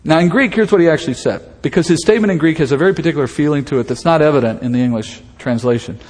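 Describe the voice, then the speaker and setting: A man preaching a sermon, his voice sitting a little high. He talks in an easy, conversational way and retells the story vividly, checking in with his listeners through rhetorical questions. His words ring out with a long hall reverb. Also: very fast, hardly any pauses, a little mellow. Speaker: pastor.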